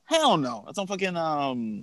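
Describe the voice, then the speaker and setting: A man's voice: on the high side, wildly swooping pitch, measured pace, no room sound. A man in casual music talk who chimes in playfully and laughs often.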